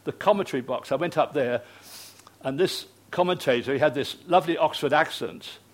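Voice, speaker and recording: A man's voice: on the high side, fairly quick. An older British man, a retired television producer, telling anecdotes to an audience with frequent fillers and restarts. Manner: chatty storyteller, hesitant fillers and restarts.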